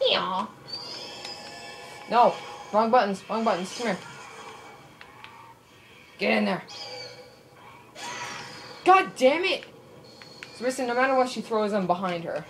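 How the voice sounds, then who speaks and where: Excitable woman gamer yelping at a game. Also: on the high side, slow, pauses often, a little hiss or hum. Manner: excitable, yelps and shouts at the game, swears. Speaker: let's play gamer. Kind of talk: casual gameplay commentary.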